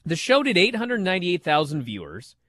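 A man in his thirties co-hosting a radio talk show, telling stories in an animated way and asking rhetorical questions. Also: high-pitched, fairly quick, no echo, clean studio sound.

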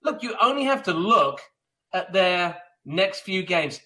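On a low-quality recording, a man with a high, very animated voice that sounds pushed and bright speaks a little slowly. He co-hosts a radio soccer talk show as a pundit, rambling emphatically with many fillers and restarts in casual sports talk.

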